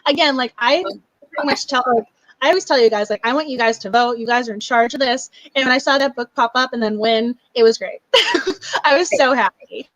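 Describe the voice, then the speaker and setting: A woman's voice: high-pitched, fairly quick, a bit bright, dry recording, low-quality recording. A young woman hosting a book club live stream, chatting casually and gushing, with many laughs and fillers.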